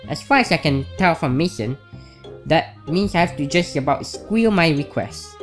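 A woman's voice: deep voice, animated, normal speed, faint music behind. A woman hosting a let's play, reading a visual novel's narration aloud in a chatty, lightly wry way.

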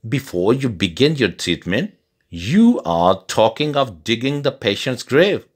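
A stern, scornful village man from a storybook tale, read by a man. He speaks deeply and without hurry. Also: very animated, takes it slowly, a bit bright, full character voice. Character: stern male villager, adult.

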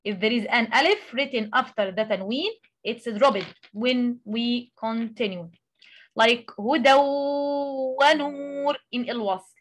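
A woman who speaks Arabic natively, teaching a tajweed lesson in English, explaining with many pauses and reciting examples. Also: fairly high pitch. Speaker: Quran recitation tutor.

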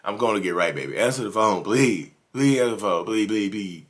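A desperate grown man, as a male vlogger puts him on, keeps pleading and begging to come home, saying please again and again. His voice jumps high and strains as the begging builds. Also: animated, brisk, close to an everyday voice.

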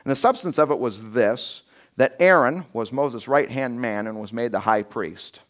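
Man, pastor, conversational sermon, middle pitch, casual storytelling, acted-out quotes. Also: moderate pace. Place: church sanctuary.

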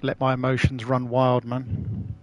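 A man's voice: mid-range voice, monotone, unhurried, muffled recording. A man chatting casually to his live-stream audience as he plays, rambling, swearing and using slang. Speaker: gaming streamer.

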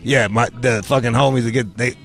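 A man's voice: medium pitch, steady tone, brisk, gravelly, a bit bright, faint music behind. A man from Michigan hosting a podcast, telling stories in rambling, profane casual banter. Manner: rambling, profane, restarts a lot. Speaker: podcast host.

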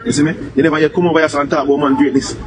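A Jamaican man rants on a live stream, firing off repeated taunts and demands at a rapid clip. His voice sits a little high for a man. Loud traffic noise and passing vehicles run underneath him. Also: level tone.

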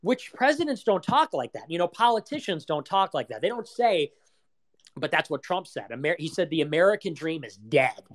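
A man's voice: high voice, big pitch swings, normal speed. A young man hosting an audio chat room, giving a rambling casual political monologue full of rhetorical questions and swearing.

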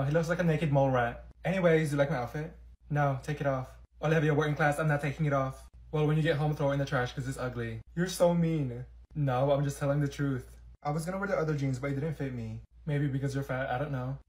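Young man, comedy skit voices, sassy and blunt, slightly high voice. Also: fast, darkish tone. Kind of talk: comedy skits playing several characters.

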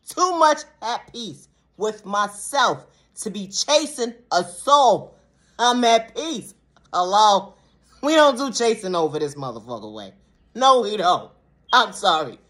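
A woman vlogger ranting to the camera in a casual monologue, laughing often between phrases and swearing heavily. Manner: calm lower-voiced affirmations in the closing sign-off.

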